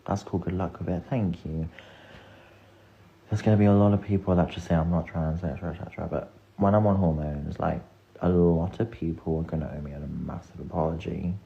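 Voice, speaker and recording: A man's voice: low-pitched, steady tone, fairly quick, creaky, narrow, tinny audio. A person with a man's voice chatting casually and earnestly to viewers on a live stream, rambling and confiding.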